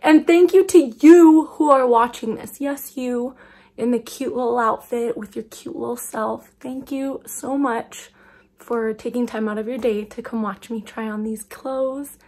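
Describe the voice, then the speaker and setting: Young woman fashion vlogger, bright upbeat gush, slightly high and breathy, talks straight to her phone. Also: steady tone, unhurried. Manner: bubbly and gushing, addresses viewers as you guys. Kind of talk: casual try-on haul chat to camera.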